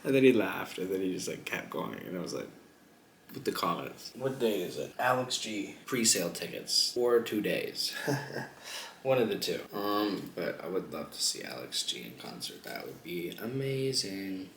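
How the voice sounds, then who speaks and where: A man's voice: low voice, very animated, normal speed, vocal fry, fairly bright tone. A young man vlogging a mukbang in casual chat, rambling with lots of fillers and giggles. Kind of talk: casual chat while eating on camera. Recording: echoey room with faint ambient noise.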